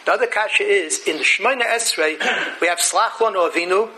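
A man giving an animated Torah lecture. He mixes Hebrew and Yiddish terms into his English and poses rhetorical questions before answering them himself. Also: sits high, fairly quick, a little hiss or hum, low-quality recording.

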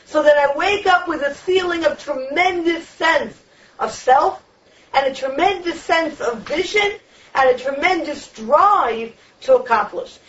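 A woman with a high voice teaches a Torah lecture, driving her points home through repeated, emphatic phrases. She sits well away from the microphone. The recording is muffled and lo-fi. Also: expressive, measured pace, a bit bright. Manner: emphatic, repetitive preaching cadence. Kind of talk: Torah lecture on the weekly portion. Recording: distant, dull lo-fi room recording.

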